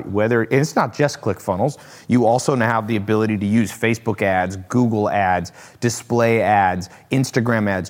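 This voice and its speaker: A man hosting a podcast, asking his guest questions in a relaxed, joking way. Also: fairly low pitch, long reverb tail. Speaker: podcast host. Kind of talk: casual interview chat.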